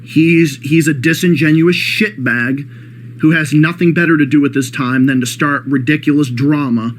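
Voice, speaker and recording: A man's voice: a little high, steady tone, normal speed. A man hosting his own channel, giving a sarcastic, profane rant in response to a clip. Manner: sarcastic, profane, heated ranting. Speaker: channel host. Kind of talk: reaction rant commentary.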